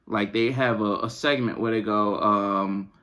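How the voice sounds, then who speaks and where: A man's voice: on the low side, steady tone, a little slow, bright, forceful tone. A man hosting a podcast, venting in a casual, exasperated, slangy rant. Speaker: podcast host.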